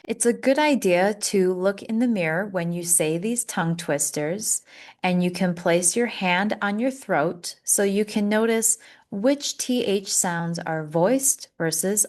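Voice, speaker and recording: A woman teaching English pronunciation, saying words slowly and deliberately for learners to repeat, with an encouraging teacher tone. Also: mid-range voice, a little mellow. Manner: slow, deliberate, drawn-out words for repetition. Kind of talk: slow, clear pronunciation lesson.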